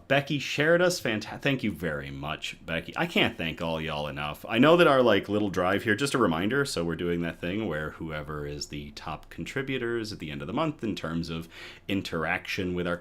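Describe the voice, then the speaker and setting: A man's voice: sits low, sing-song, normal speed, fairly bright tone. A man hosting his own live good-news show from home, chatty and self-deprecating, a little out of breath. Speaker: host.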